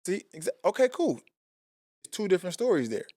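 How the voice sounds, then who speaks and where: A man's voice: high-pitched, very animated, a little fast, long pauses, warm tone, dry recording, studio quality. A man in his thirties hosting a podcast, talking bluntly and profanely in casual chat. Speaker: podcast host.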